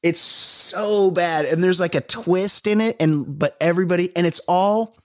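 A podcast co-host, recovering from a finger injury, chats casually on a comedy show, rambling and trailing off while searching for names. His voice sits high at a measured pace, in a dry, studio-quality recording.

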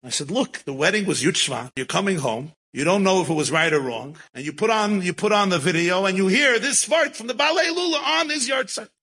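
Animated man telling a story, bright voice. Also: sits high, brisk, few pauses, slightly rough, low-quality recording. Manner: animated, mixes Yiddish and Hebrew words into English. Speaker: rabbi and storyteller. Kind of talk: storytelling talk.

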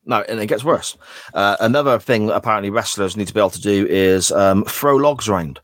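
A man's voice: on the low side, a little fast, no room sound. A man co-hosting a wrestling podcast, recapping a clip in a sarcastic, sweary, casual way. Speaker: podcast co-host. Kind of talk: casual chat.

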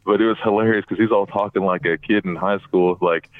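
A man telling a long, rambling story in casual chat, getting animated whenever he quotes other people. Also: fairly low pitch, normal speed. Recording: tinny phone line.

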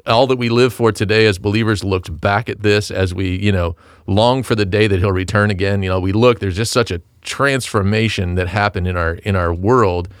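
A man's voice: lowish voice, fairly quick, clear, resonant tone, dry recording, clean studio sound. A man talking through a Bible chapter in casual conversation, rambling with many fillers and restarts. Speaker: pastor co-hosting a devotional talk.

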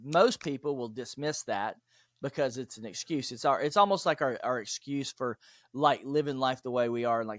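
A man's voice: medium pitch, normal speed, dry recording, studio quality. A man, a podcast guest and author, telling stories in an interview and acting out the dialogue. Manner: animated, acts out dialogue in stories. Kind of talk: interview storytelling.

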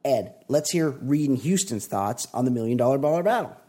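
Male podcast host, husky, playful and jokey, casual banter. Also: mid-range voice, lively intonation, brisk, mellow. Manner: playful, reads listener messages with mock drama. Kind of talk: casual comedic chat.

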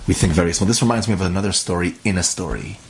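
Low-voiced man telling a story. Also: racing, slight background noise. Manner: conversational, acts out the characters' dialogue. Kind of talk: casual spoken storytelling.

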